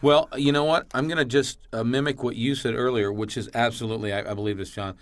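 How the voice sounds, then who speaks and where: Guesting on a podcast, this man, a comedian, speaks fast in a mid-range voice. He performs both parts of the exchange as he tells his story, curses without restraint, and keeps his delivery blunt and lively.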